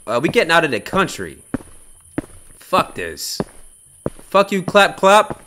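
A young man giving casual commentary on a horror game, loud, jumpy and swearing, taunting the monster and then panicking. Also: a little high, huge pitch swings, slow pace, noisy background. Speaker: gameplay streamer.

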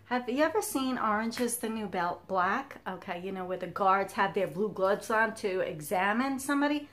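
A woman's voice: mid-range voice, expressive, normal speed, fairly bright tone. A woman in her fifties talking candidly to camera as a cross stitch vlogger, telling a personal story and laughing often. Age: 50s.

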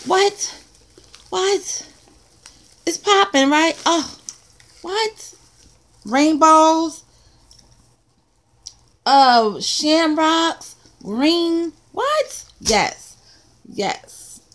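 A woman talks through her haul in a casual vlog, her voice sitting high. She takes her time, then bursts into excited exclamations and playful asides. She is close to the mic at a table. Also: extremely slow, pauses often. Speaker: vlogger showing a haul of craft supplies.

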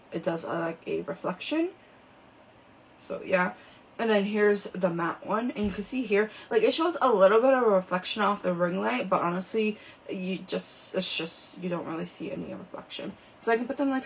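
Een vrouw die kletsend haarclips presenteert in een livestream. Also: female voice, medium pitch, vocal fry, slight background noise, low-quality recording. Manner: chatty, full of fillers like "um" and "like". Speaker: live shopping host. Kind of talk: casual live product demonstration. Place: indoors with a ring light.

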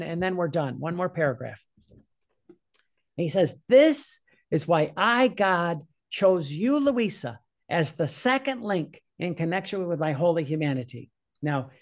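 An older man, a priest, giving a fervent sermon and reading quoted passages aloud with emphasis. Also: high-pitched.

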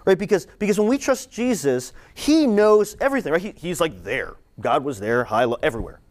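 Animated young man giving a campus talk. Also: on the high side, fairly quick. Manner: animated, conversational, repeats phrases for emphasis. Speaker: campus ministry speaker. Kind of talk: sermon-style talk.

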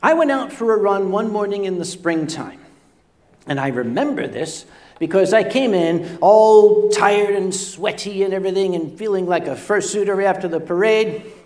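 An older man with a notably high voice tells comic stories to a live audience from a stage. He is self-deprecating and often stammers, repeating words as he finds his way. He speaks into a stage microphone. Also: expressive, moderate pace, darkish tone. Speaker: on-stage storyteller. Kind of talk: comedic stage storytelling.

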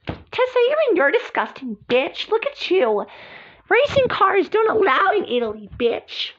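Woman playing a mean scheming girl, sneery and insulting, high voice, dull lo-fi recording. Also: sing-song, a little slow, full character voice. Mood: sneering. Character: rude scheming young woman villain. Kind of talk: amateur drama acting.

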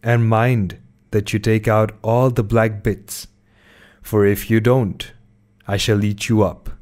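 A man reading the lines of a fearsome, greedy old witch woman in a storybook tale, slow and deep. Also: level tone, darkish tone. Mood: menacing.

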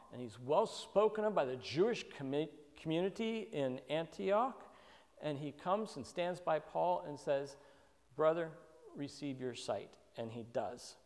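A man teaching a Bible study with a somewhat high voice. His reflective delivery is full of fillers and restarts. The sound rings with the long reverb of a church hall. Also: darkish tone. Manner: thoughtful, with frequent fillers and restarts.

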